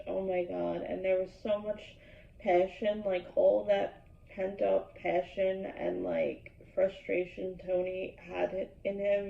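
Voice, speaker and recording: A woman hosting an episode reaction vlog, talking excitedly and gushing with plenty of "like" fillers. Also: mid-range voice, gravelly. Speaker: YouTube host. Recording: echoey room, far from a dull mic.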